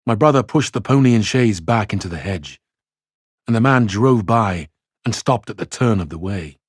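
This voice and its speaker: A man's voice: fairly low pitch, lively intonation, normal speed, slightly rough, no echo, studio quality. A Scottish man who reads a novel aloud and explains it for exam study, talking conversationally with frequent restarts. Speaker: English literature teacher.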